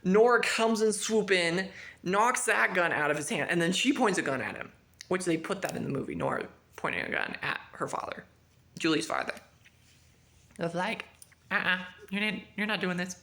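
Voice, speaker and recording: A woman talking through a book review in a casual, chatty vlog, acting out the dialogue with sudden jumps in pitch. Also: expressive, normal speed, creaky, fairly bright tone.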